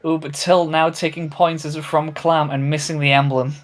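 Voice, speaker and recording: A man co-commentating a live speedrun race, reacting quickly to the action with light teasing. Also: on the high side, level tone, soft background music.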